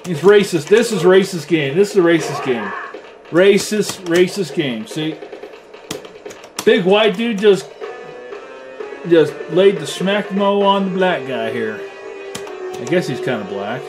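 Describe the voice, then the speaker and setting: A man giving casual gameplay commentary while reviewing a retro games console, excitable and swearing as he trash-talks the game. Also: high voice, takes it slowly, pauses often. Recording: loud game music behind the voice. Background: loud arcade game music.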